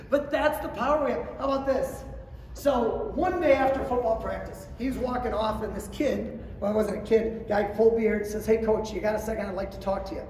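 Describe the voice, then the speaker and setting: A middle-aged man giving a motivational storytelling talk to coaches, acting out quotes and swinging from quiet asides to shouting. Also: extremely high pitch, expressive, normal speed, slight background noise. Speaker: coach clinic speaker. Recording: roomy hall, distant mic, faint ambience.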